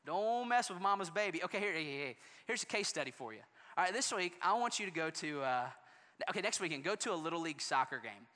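A pastor preaching a sermon in an animated storytelling manner, swinging between soft and loud passages. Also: mid-range voice, fast, in a large hall.

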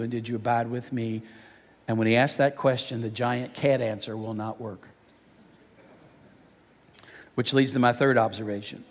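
Older man preaching in an echoing hall. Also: medium pitch. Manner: conversational, storytelling preaching. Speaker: pastor. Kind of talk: sermon. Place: church auditorium. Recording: reverberant hall.

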